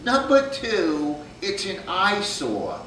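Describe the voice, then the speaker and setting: A man's voice: sits high, huge pitch swings, slow, bright, forceful tone, slight background noise, full character voice. A man playing a blunt, nagging middle-aged father who lectures his son. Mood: lecturing. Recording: echoey room from far off.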